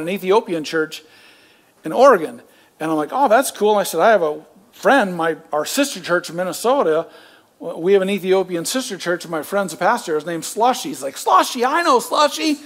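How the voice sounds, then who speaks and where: Male pastor, slightly higher voice, telling a story from the pulpit with easy, joking asides. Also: expressive, brisk. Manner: casual, self-deprecating storytelling with asides. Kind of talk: sermon storytelling. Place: church.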